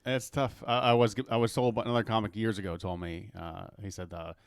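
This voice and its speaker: A man's voice: fairly low pitch, little pitch movement, a little fast, no room sound, clean studio sound. An American man from New Jersey, a comedian guest chatting casually, rambling and poking fun at himself with many restarts. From New Jersey, USA. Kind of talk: casual podcast chat.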